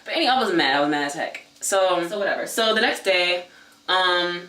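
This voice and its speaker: A man vlogging a casual storytime, talking fast and loose with lots of filler words and the odd swear. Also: sits high, lively intonation, bright, forceful tone, distant mic. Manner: chatty, many "like" fillers, swears. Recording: echoey room, voice away from mic.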